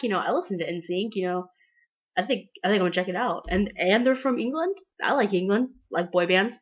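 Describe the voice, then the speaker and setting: A woman's voice: medium pitch, fairly quick, slightly rough, dull audio. A woman vlogging to camera in a casual, rambling monologue, gushing and acting out her own thoughts.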